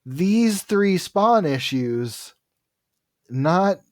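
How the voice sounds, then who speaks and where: A podcast co-host in his forties with a dry, wry sense of humor, chatting casually and trailing off softly. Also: high voice, sing-song, drawn-out words, no echo. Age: 40s. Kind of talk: casual chat.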